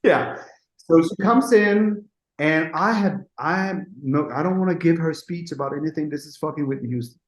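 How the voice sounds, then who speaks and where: A man, a music producer, telling an animated anecdote in an interview and acting out the dialogue with quick asides. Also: on the high side, roomy sound, poor audio.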